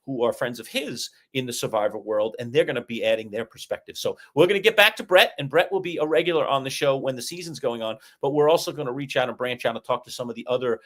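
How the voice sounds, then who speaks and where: A middle-aged man co-hosting a sports talk show, chatting and telling stories in an animated way. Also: medium pitch, fast talker, hardly any pauses. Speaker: co-host.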